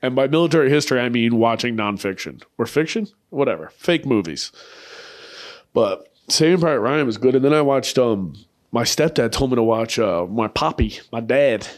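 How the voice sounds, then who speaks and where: A young man riffs through a loose comedy podcast, swearing freely and stopping to laugh at his own jokes. His voice is mid-pitched but swings widely from line to line, restless and animated. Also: normal speed. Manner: rambling, profane, laughs often. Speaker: podcast host. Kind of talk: crude comedic podcast banter.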